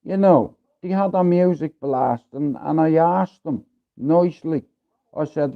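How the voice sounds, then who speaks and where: A man from Ireland telling a rough story on his livestream, blunt and full of swearing, in a casual streetwise way. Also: a little high, measured pace. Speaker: livestream host. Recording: tinny phone-like livestream audio.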